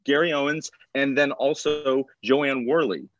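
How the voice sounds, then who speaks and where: A man's voice: medium pitch, steady tone, measured pace, lo-fi sound, slight background noise. A man guesting on a talk podcast, telling long anecdotes in a stop-start way with many restarts.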